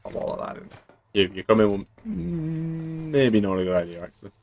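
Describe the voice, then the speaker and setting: A man's voice: low-pitched, quick pace. A man from England casually chatting through a game stream, playful and chatty, throwing in silly sound effects. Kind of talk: casual gameplay commentary.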